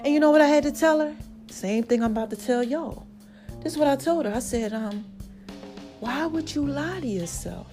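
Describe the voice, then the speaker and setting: Over faint background music, a woman with a high, warm voice talks briskly through a story on the podcast she hosts. It's a chatty, casual monologue aimed straight at listeners, whom she calls "baby" and "y'all."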